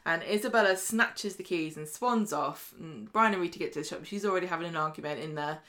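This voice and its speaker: A woman's voice: on the low side, brisk, bright, forceful tone. A woman co-hosting a podcast, recapping a soap in casual chat and laughing often. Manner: chatty, laughs often, acts out characters' lines. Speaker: podcast co-host.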